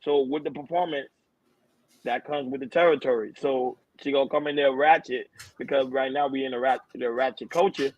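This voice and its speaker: A man hosting a podcast in casual chat, animated, laughing and slangy. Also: mid-range voice, fairly quick, no echo. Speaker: podcast host. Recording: dull, dry recording.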